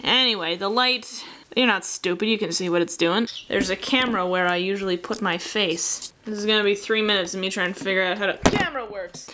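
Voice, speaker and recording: A woman's voice: mid-range voice, brisk, bright, forceful tone, slight background noise. Sarcastic young Canadian woman. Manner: sarcastic, self-mocking, mutters asides to herself. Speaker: artist drawing tutorial host. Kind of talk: casual drawing commentary.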